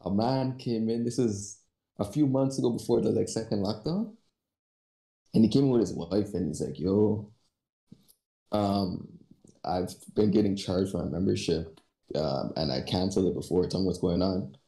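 Casual male storyteller, low gravelly voice, mellow tone, calm and unbothered, echoey room. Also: normal speed. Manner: laid-back, unbothered, slangy storytelling. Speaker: podcast co-host telling work stories. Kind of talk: casual chat.

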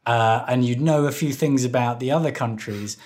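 This man explains things thoughtfully and at length in a casual group conversation. His voice sits at an ordinary middle pitch. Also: moderate pace, darkish tone. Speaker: game player.

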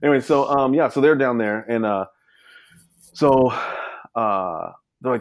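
A man's voice: medium pitch, measured pace, pauses often, no room sound. Rambling man, dry close sound. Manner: rambling, full of "you know" fillers. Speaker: guest. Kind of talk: casual storytelling.

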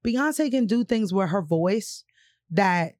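Animated, swearing woman in her forties. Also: mid-range voice, slow, no echo. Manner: animated, emphatic, heavy swearing. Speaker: podcast co-host. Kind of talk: casual chat.

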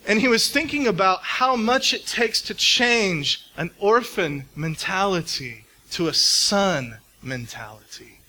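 A man delivers an earnest sermon in a high, ringing voice. He goes soft and close on tender words and picks up speed when he tells a story. A faint hum of the room sits behind him. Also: lively intonation, slow pace, few pauses, poor audio. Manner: earnest, speeds up when telling stories, drops to soft intimate tones. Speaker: preacher.

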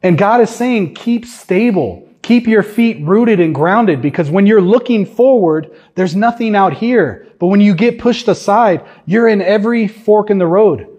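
A man with a high, husky voice delivers an earnest sermon from a church pulpit. He drives his points home with emphatic repetition and rhetorical questions aimed at the congregation. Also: lively intonation, measured pace, few pauses, a little mellow. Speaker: guest preacher.

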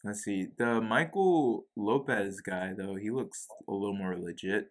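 A young man with a lowish voice, co-hosting a podcast. He talks in a laid-back way and cracks jokes, tossing in "bro" all the time. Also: a little slow. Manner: laid-back, joking, says "bro" often. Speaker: podcast co-host. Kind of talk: casual chat.

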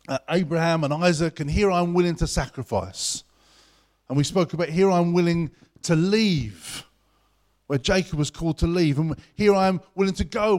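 A man's voice: fairly high pitch, a little mellow. A young man preaching a sermon as pastor in a church, chatty and conversational. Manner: chatty and conversational, talks fast.

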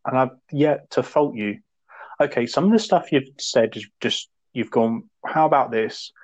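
A man co-hosting a podcast, rambling casually and acting out quotes in sudden high voices. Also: lively intonation, a little slow, a little mellow, rough recording. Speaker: podcast co-host. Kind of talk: casual chat.

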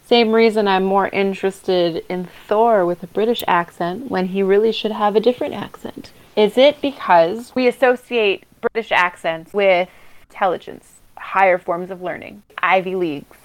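A woman co-hosting a podcast, talking about a film in an animated, emphatic and profane way. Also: mid-range voice, normal speed, poor audio. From United States. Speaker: podcast co-host. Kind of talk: casual film discussion.

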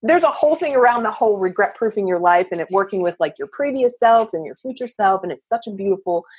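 A woman coach and therapist giving energetic, emphatic motivational advice as a podcast guest. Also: medium pitch, fast, slightly rough, dry recording. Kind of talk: podcast interview.

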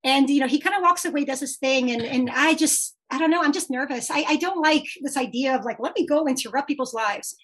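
A high-voiced woman tells a fan story with lively energy. She laughs often and acts out the lines she quotes in a bright, playful way. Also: fairly quick, hardly any pauses. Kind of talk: casual storytelling.

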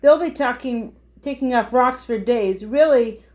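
A woman's voice: on the high side, measured pace, rough recording. A woman reading a children's chapter book aloud, giving the characters light voices. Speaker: storyteller.

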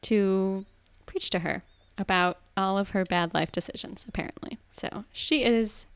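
A woman's voice: medium pitch, a little slow, clean tone, dry recording. Giggly woman recapping a show. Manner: giggly, animated retelling with acted-out quotes. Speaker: podcast co-host. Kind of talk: casual episode recap chat.

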